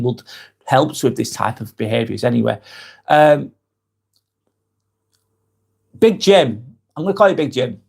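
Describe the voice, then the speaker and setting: A man's voice: medium pitch, vocal fry. A man hosting a live stream, reading viewer comments aloud and answering them in a frank, rambling way, swearing casually as he talks.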